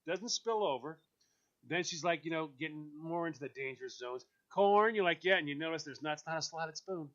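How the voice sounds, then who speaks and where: A man hosting a radio show, telling a long story in an animated way and mimicking the people in it. His voice is high-ish and bright, and the audio sounds dull and lo-fi. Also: a little fast. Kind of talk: casual chat on a call-in show.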